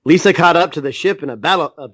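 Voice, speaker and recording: A man's voice: fairly high pitch, quick pace, a bit bright, no room sound. A man co-hosting a podcast who chats casually and throws in sarcastic, jokey asides. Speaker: podcast co-host.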